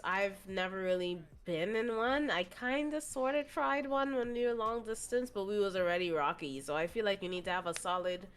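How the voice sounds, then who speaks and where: A woman's voice: on the low side, fairly bright tone, smooth. Frank young woman sharing candid opinions. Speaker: podcast guest. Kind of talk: casual chat.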